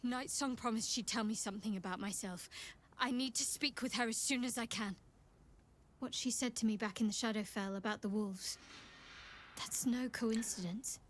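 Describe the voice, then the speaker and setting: A woman voicing a guarded young female cleric in a video game, speaking in a measured, restrained, somber way. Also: a little high, close to an everyday voice.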